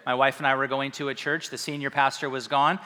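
A man's voice: medium pitch, little pitch movement, fast talker, sharp tone. A male pastor preaching a sermon in a conversational, self-deprecating, humorous way, recorded in a church hall. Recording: reverberant hall sound.

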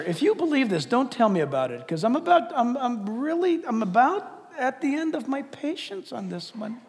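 Impassioned pastor, high-pitched voice. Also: male voice. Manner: impassioned, swings from loud declaiming to hushed asides. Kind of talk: sermon. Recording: long reverb of a large hall.

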